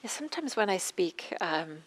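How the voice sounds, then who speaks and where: A woman meditation teacher giving a dharma talk, with a scratchy throat, telling stories in an unhurried way that often trails into soft whispers. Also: fairly low pitch, big pitch swings.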